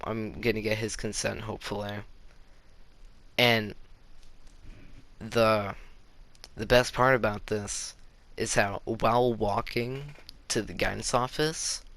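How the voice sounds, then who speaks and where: A man's voice: on the low side, fairly bright tone. A teenage boy telling a casual story-time tale to his viewers, rambling with lots of "like" fillers. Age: teens. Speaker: YouTuber.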